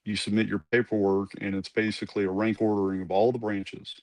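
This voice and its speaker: A man's voice: on the low side, flat delivery, fairly quick, a little mellow, dry recording. A man, a former Army commander, telling his story in a casual interview, rambling with asides and restarts.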